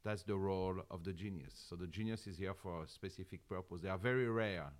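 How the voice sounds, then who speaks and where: A man's voice: deep voice, a little fast. A man from France with a French accent, answering interview questions in a thoughtful, explanatory way with frequent "you know"s. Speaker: guest musician.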